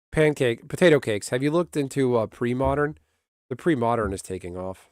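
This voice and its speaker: A man's voice: mid-range voice, animated, a little fast, a little mellow, no room sound, clean studio sound. A man streaming and chatting casually with viewers in a rambling way, often laughing. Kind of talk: casual livestream chat.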